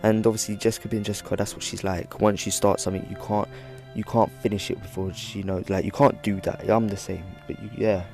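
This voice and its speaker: A man's voice: fairly low pitch, little pitch movement, a little fast, vocal fry, a little mellow, soft background music. A young man telling a personal story for his vlog, rambling with lots of "like" fillers. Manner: rambling, filler-heavy "like" delivery. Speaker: vlogger.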